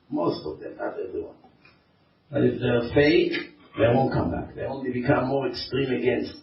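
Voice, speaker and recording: A man's voice: mid-range voice, slight background noise. A man, a rabbi giving a lecture to a community and telling stories in which he acts out the people he quotes. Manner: storytelling, acting out the people he quotes. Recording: echoey hall, distant dull mic.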